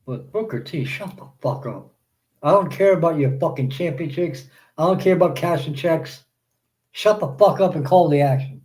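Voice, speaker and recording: A man's voice: a little high, moderate pace, darkish tone. A man co-hosting a wrestling podcast, talking bluntly and cursing freely. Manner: blunt, profane venting. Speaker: podcast co-host. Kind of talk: casual wrestling chat.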